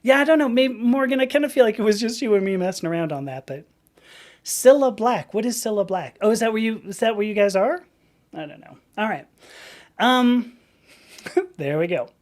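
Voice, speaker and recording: A woman's voice: mid-range voice, animated, normal speed, darkish tone. A woman hosting a live stream, chatting casually in a rambling way and laughing often.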